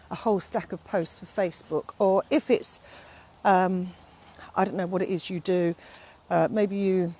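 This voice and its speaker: A woman's voice: medium pitch, a little mellow. A middle-aged woman, a fitness instructor rambling in a casual vlog outdoors, out of breath while walking up a steep hill with her phone. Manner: chatty, rambling, fond with her dog.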